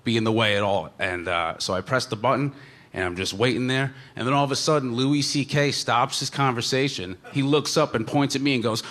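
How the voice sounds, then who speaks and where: Dude rambling through a funny story, bright kinda sharp voice, tons of likes and you knows. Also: male voice, mid-range voice, brisk. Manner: rambling, fillers like "like" and "you know", chuckling. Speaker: comedian telling a story. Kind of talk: casual storytelling.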